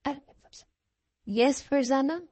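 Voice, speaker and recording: A woman's voice: high voice, takes it slowly, dark tone, no echo. A woman teaching an online English class who switches between English and Hindi-Urdu and reassures her students often. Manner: reassuring, repeats okay.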